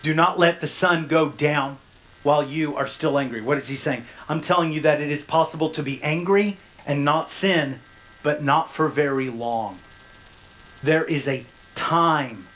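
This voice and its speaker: Man, pastor, sermon, church sanctuary, loud rising bursts, hushed low passages, repeated questions to listeners. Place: church sanctuary, speaking from the front.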